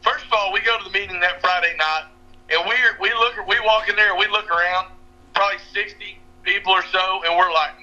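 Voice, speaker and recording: In casual storytelling over a muffled phone-line call, a young man with a drawl laughs through a fishing tale. The fishing guide and podcast regular speaks briskly in a high-pitched, steady voice with a sharp tone.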